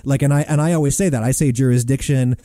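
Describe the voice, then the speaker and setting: Emphatic podcast host, very dark voice. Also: male voice, a little high, very fast, no echo, studio quality. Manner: emphatic, excitable about pronunciation. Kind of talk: casual chat.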